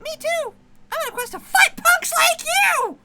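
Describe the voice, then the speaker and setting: A streamer voicing a tiny, squeaky, aggressive female maggot who wants to fight everyone, with a shrill, shouty manner. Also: expressive, unhurried, very noisy. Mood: feisty. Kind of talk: game dialogue voiced by streamer.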